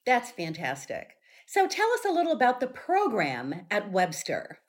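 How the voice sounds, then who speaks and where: Animated woman host, encouraging. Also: medium pitch, normal speed. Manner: enthusiastic, encouraging, frequent affirmations. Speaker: podcast host. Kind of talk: interview host.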